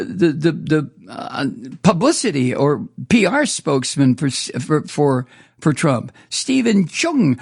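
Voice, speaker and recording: A man's voice: fairly high pitch, vocal fry, slightly rough. A male talk radio host delivering a profane, indignant political monologue, stumbling and repeating words as he goes.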